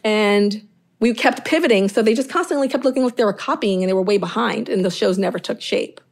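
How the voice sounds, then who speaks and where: A middle-aged woman from Inglewood, California, telling stories from her modeling and producing career as an interview guest in a lively, chatty way full of "like" fillers. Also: medium pitch, brisk, gravelly. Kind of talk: casual storytelling interview.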